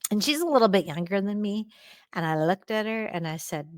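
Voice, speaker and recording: A woman's voice: mid-range voice, expressive, a little fast, dry recording. A middle-aged woman hosting a solo podcast, talking earnestly and encouragingly to her listeners in a close, reflective way. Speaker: podcast host.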